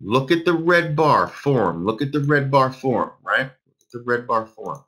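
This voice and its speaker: A man's voice: medium pitch, expressive, a little slow, a bit bright, slightly rough. A man in his fifties teaching a live trading class, emphatic, repeating phrases and quizzing his audience. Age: 50s. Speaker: trading instructor.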